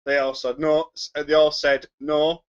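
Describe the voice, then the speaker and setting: A man co-hosting a podcast, loud and chatty with frequent laughter. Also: a little high, level tone, moderate pace, smooth, highs cut off. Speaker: podcast co-host. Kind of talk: casual banter.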